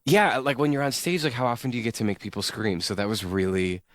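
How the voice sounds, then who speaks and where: A man guesting on a radio interview, telling bubbly stage stories full of "like" and quick laughs. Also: medium pitch, no echo, studio quality. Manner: bubbly, lots of "like", laughing asides. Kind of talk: chatty interview anecdotes. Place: radio studio.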